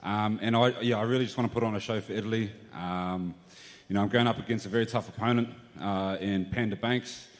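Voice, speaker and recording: A man from New Zealand, a heavyweight fighter speaking humbly and excitedly. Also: lowish voice, a little fast, in a large hall.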